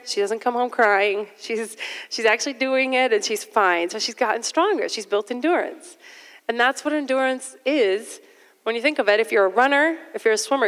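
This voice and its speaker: A woman's voice: a little high, clear, resonant tone. A middle-aged woman preaching a sermon in a conversational way, with self-deprecating asides. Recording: long hall reverb.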